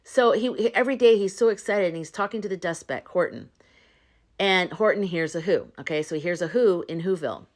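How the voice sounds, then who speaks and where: A woman's voice: lowish voice, brisk, a little mellow. A woman retelling a story and urging her viewers, chatty and earnest, with loose restarts and fillers. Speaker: spiritual vlogger. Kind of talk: casual retelling and pep talk to viewers.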